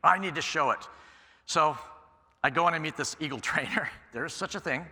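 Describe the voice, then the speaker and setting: Man, keynote speaker, animated storyteller, bright voice, long hall reverb. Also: a little high, fairly quick. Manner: animated storyteller, acts out quoted exchanges. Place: large conference hall. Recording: echoey hall sound.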